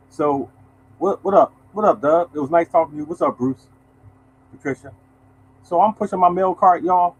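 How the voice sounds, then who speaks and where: A man in his sixties telling a personal story to viewers in a casual, colloquial way, animated and chatty. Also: a little high, normal speed, pauses often, slight background noise, rough recording. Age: 60s. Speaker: show host telling a story.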